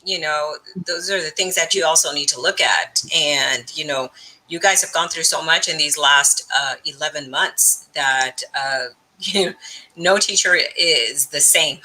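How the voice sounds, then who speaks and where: A man's voice: on the high side, sharp tone, poor audio. A man in a casual group discussion, supportive and agreeing, speaking with many fillers.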